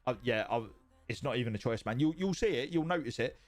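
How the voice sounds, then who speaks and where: A man's voice: medium pitch, lively intonation, fast. A man streaming from home, chatting casually with viewers in a rambling, sweary way that repeats itself. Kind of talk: casual livestream chat reading viewer messages.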